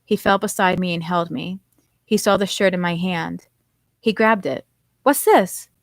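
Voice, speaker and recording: A woman's voice: fairly low pitch, steady tone, moderate pace, creaky, no room sound. A woman author reading her own novel aloud in first person, narrating expressively.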